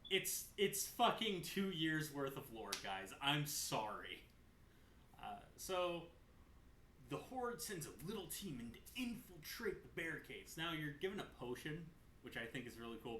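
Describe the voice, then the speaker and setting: A man hosts a casual lore recap, animated and blunt, and he swears as he goes off on tangents. His voice sits fairly high, swings a lot, and sounds bright. The recording is roomy, with a faint hum underneath. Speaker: gaming lore video host. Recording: roomy echo, faint room noise.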